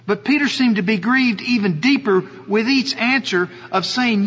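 Pastor guy preaching slow and earnest, high breathy voice, long hall echo, kinda dull audio. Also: expressive, a bit bright. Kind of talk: sermon.

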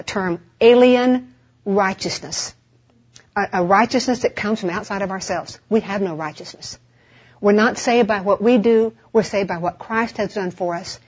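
Woman preacher, fairly high husky voice, rhetorical questions, muffled lo-fi sound. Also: a little mellow. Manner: asks rhetorical questions, then answers them. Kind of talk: sermon. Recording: dull, muffled lo-fi recording.

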